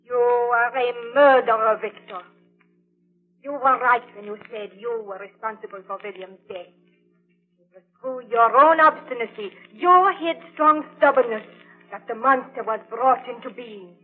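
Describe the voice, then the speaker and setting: A woman's voice: on the high side, a little slow, faint music behind. An actress playing Elizabeth, a grieving young woman who passionately accuses her fiancé, in a 1930s radio drama. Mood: accusing. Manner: impassioned, accusing, theatrical. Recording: tinny old 1932 radio broadcast.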